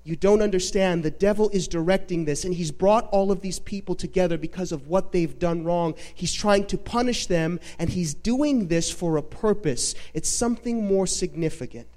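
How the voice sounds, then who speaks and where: A man's voice: sits high, moderate pace, few pauses, darkish tone, natural voice. A man voicing a fearful male security guard who insistently warns a police officer. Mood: urgent. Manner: insistent and warning.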